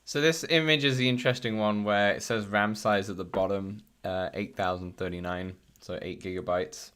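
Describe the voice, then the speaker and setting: Low-voiced man hosting a tech livestream. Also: fairly even intonation, moderate pace, fairly bright tone, clean tone. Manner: rambling, frequent ums and restarts. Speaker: podcast host. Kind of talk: casual livestream chat.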